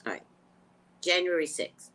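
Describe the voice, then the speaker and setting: A woman's voice: fairly low pitch, expressive, normal speed, a bit bright, rough recording. A woman psychic hosting a live news chat, blunt and emotional, swearing freely. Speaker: psychic host.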